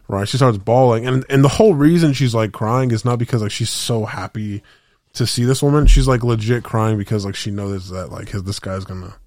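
Man, podcast co-host, casual rambling chat, slangy, fairly low voice, dead dry sound. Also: darkish tone, no room sound. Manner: rambling, slangy, many fillers and restarts.

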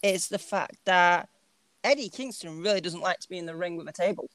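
A woman's voice: lowish voice, fairly quick, a bit bright, dry recording. A woman co-hosting a casual wrestling chat, chatty and giggly, saying "like" often. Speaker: podcast co-host.

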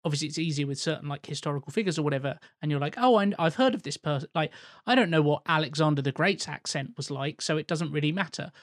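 A man with a slightly high voice, recorded dry and close with no room sound. He talks in a thoughtful, winding way in casual podcast chat, often circling back before making his point. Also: steady tone, quick pace, few pauses, a bit bright, no room sound.

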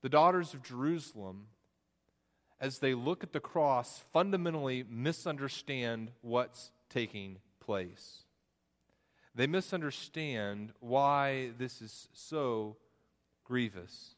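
A man's voice: mid-range voice, animated, takes it slowly. A man preaching an expository sermon, walking through the text with frequent restarts and repeated words. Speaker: pastor. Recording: long hall reverb.

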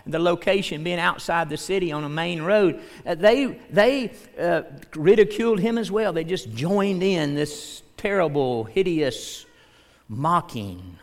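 Male pastor, slightly high voice, unhurried earnest sermon, church hall reverb. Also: expressive. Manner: slow, earnest preaching, reading scripture aloud.

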